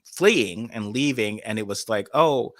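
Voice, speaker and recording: Brief: animated sarcastic male co-host, bright and forceful tone, dry sound. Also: mid-range voice, no echo. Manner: animated, sarcastic, many fillers and quick asides. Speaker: political blog co-host. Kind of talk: casual political chat.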